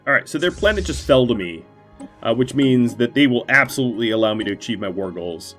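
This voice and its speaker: Lively man doing playful gameplay commentary. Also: mid-range voice, brisk. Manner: playful, gleefully mock-villainous. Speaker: streamer playing a strategy game. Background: faint game music.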